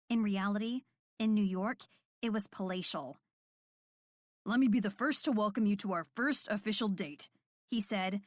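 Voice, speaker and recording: Female audiobook narrator, mid-pitched, smitten first-person reading, dry studio sound. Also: no room sound.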